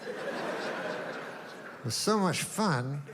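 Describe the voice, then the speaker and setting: A man doing a stand-up routine, deadpan and rambling, with long meandering setups and offhand asides. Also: a little high, very slow, some chatter behind. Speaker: stand-up comedian. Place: comedy stage before a live audience. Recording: live room reverb, faint ambience.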